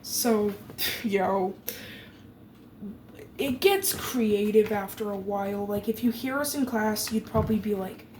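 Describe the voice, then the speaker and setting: Slow-talking rambling teen girl. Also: medium pitch, darkish tone. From Germany. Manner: rambling, many fillers, sarcastic asides. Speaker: vlogger. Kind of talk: casual chat while baking. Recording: echoey room with noisy background.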